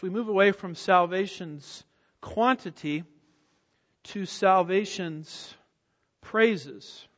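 A man with a high voice delivers an emphatic expository sermon, firing questions at his listeners and answering them. His voice carries through a church sanctuary with a long reverb tail, and the recording sounds somewhat muffled. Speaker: preacher.

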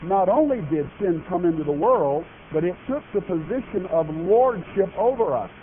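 A man's voice: sits high, lively intonation, normal speed. A man preaching a sermon, speaking emphatically and asking his congregation questions. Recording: tinny phone-like broadcast audio with faint noise.

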